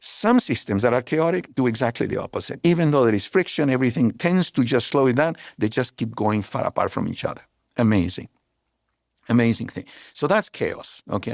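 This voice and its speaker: Older male scientist guest, gravelly, explains in loose anecdotal bursts. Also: mid-range voice, no echo, studio quality. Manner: digressive, anecdotal, many restarts, animated storytelling. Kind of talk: relaxed explanatory interview talk.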